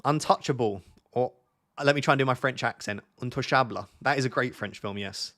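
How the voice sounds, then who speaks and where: Chatty young streamer, mid-pitched. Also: male voice, fairly quick, fairly bright tone. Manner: chatty, jokey, thinks aloud and restarts. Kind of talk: live stream chat with viewers.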